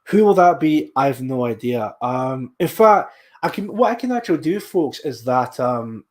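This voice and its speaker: A podcast host from Scotland, with a mild Scottish accent, chats casually while reading out viewer comments, rambling with frequent restarts and fillers. His mid-range voice is animated and a little mellow, at a moderate pace.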